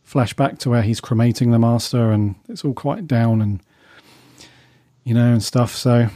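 Male podcast host from Britain, mellow and easygoing, leads the conversation. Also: medium pitch, moderate pace, no echo, studio quality. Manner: relaxed, leads the discussion. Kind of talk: casual chat.

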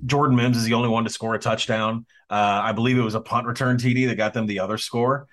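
Stats-minded betting podcast co-host. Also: male voice, medium pitch, little pitch movement, a bit bright. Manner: measured, stats-heavy. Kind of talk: casual sports betting analysis.

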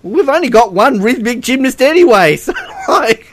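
A man's voice: very high-pitched, big pitch swings, normal speed, a bit bright, no echo. A young man co-hosting a casual podcast, laughing often and mocking the fan messages he reads aloud. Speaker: podcast co-host. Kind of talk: casual chat.

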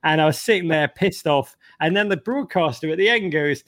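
English guy on a podcast, kinda high voice, animated storyteller, swears a lot. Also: brisk, few pauses. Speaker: podcast guest. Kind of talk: storytelling in conversation.

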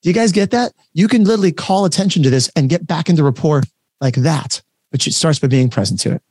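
Energetic man teaching over a video call. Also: a little high, fast talker, no echo, clean studio sound. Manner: energetic, conversational, emphatic. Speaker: coach. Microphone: webcam setup, facing camera.

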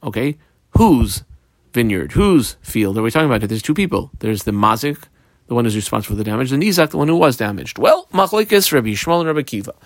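A man's voice: fast talker, no room sound. A man teaching a Talmud lesson, reading Aramaic phrases and explaining them in English with frequent fillers. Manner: animated, lively pitch swings.

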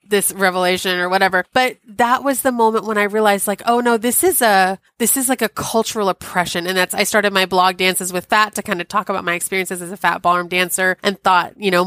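A woman in her forties, a podcast guest, telling a personal story in a chatty, wry and animated way with many asides. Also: mid-range voice, fairly quick, hardly any pauses, dry recording. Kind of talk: storytelling in an interview.

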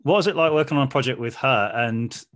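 A man's voice: mid-range voice, fast talker, a bit bright. A man interviewing a guest in a chatty way, stacking several questions together. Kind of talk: casual interview chat.

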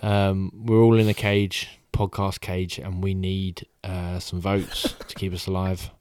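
A man's voice: sits low, level tone, a little slow, darkish tone, clean tone, dry recording. Laid-back man chatting on a podcast. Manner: laid-back, swearing, joking storyteller. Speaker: podcast co-host, former boxer. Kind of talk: casual chat.

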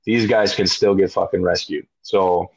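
A man, a podcast guest, telling a story with heavy swearing and loud acted-out shouts. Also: low voice, steady tone, normal speed, creaky, breathy edge, lo-fi sound. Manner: profane, emphatic, acts out his own shouts. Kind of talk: animated storytelling.

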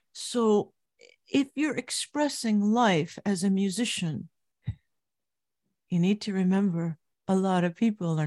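A middle-aged woman recounting memories as an interview guest, telling her story vividly and growing animated at its high points. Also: no echo, studio quality.

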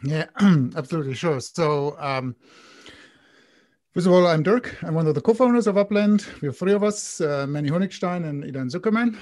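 A man's voice: fairly high pitch, expressive, a little fast, darkish tone, no echo, studio quality. A man with a German accent, a guest in an interview, explaining at length with frequent ums and restarts. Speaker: guest, game co-founder.

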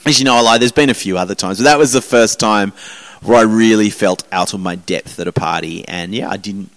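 A man's voice: on the low side, brisk. A man telling rambling, self-mocking stories as a podcast host in casual chat.

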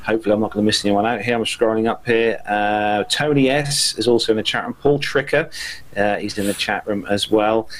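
A British man hosts a casual podcast in an easygoing, chatty way. His voice sits a little low. He runs through names and segments with relaxed energy. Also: a little fast, poor audio. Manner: chatty, reads out listener names. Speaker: podcast host.

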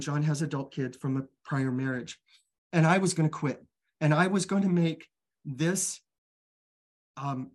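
A man candidly telling his personal recovery story as a guest, halting and restarting often, earnest and open. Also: on the high side.

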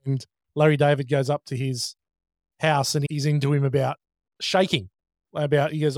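A man co-hosts a casual movie podcast. His voice sits a little high, and he tells stories with energy, acting out the quotes. The sound is dry and close to the mic. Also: moderate pace, no room sound. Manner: animated storyteller, acts out quotes. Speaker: podcast co-host.

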